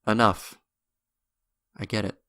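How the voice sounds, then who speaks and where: A man's voice: slow, pushed and bright. A man voicing a weary, guilt-ridden adult man who talks in a hesitant, subdued way.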